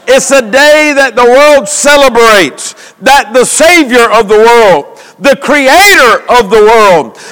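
High-voiced preacher, slow and resonant. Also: male voice, a bit bright, clear, resonant tone. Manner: calls for responses from the congregation. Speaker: pastor. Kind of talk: sermon. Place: church sanctuary. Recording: long hall reverb.

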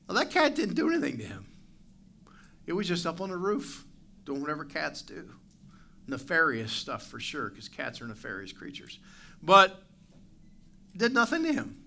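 Guy pastor preaching sunday morning, bright voice, animated, faint hiss behind. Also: a little high, normal speed, creaky, long pauses. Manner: animated preaching, acts out barking dog and asides to the congregation. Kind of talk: sermon. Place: church sanctuary.

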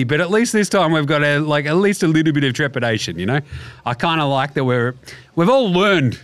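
A man's voice: on the high side, a little fast, no echo. A young Australian man hosting a podcast, ranting in a casual, mocking way and swearing a lot. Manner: animated, mocking, swears a lot, acts out voices. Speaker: podcast host.

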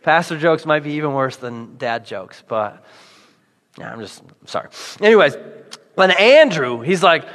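A male pastor delivers a sermon with lively, joking storytelling, briefly slipping into playful voices for the people he describes. His voice sits a little high for a man. A long reverb trails behind him, as in a large church hall. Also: unhurried.

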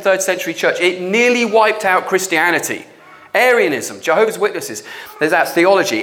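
A male preacher giving a blunt, animated sermon, acting out the voices of people he quotes. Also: sits high.

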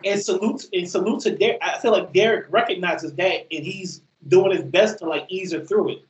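A man's voice: sits high, fairly quick. Thoughtful male co-host, off-mic in an echoey room. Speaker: podcast co-host. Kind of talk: casual group chat about a TV episode. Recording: roomy, distant, dull lo-fi mic.

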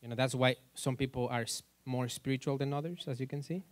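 A man's voice: medium pitch, fairly even intonation, fast, dry recording. A male pastor preaching in a church in a loose, joking way, asking the congregation questions as he goes. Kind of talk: sermon.

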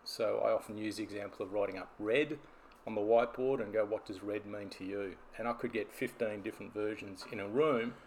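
A man's voice: lowish voice, steady tone, a little fast, slight background noise. A man, a business coach telling stories and explaining ideas in a podcast conversation. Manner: storytelling, explanatory.

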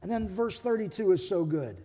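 Pastor guy preaching, high voice, chatty and jokey, big echoey church hall. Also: lively intonation, a little fast, mellow, slightly rough. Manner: conversational, humorous preaching with acted-out quotes. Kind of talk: sermon.

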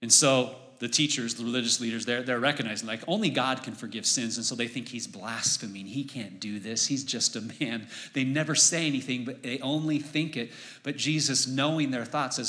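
Bright-voiced preaching man. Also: mid-range voice, brisk. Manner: energetic, conversational, asks the audience questions. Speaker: pastor. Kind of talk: sermon.

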